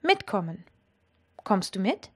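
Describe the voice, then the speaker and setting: A woman teaching a language lesson, explaining clearly and with lively energy. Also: medium pitch, measured pace.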